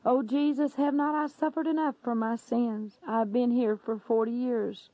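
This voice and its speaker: A woman's voice: on the high side, fairly even intonation, moderate pace, dry recording, phone-quality sound, close to an everyday voice. A woman voicing a sobbing damned man who pleads desperately for mercy in a dramatic reading. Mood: pleading.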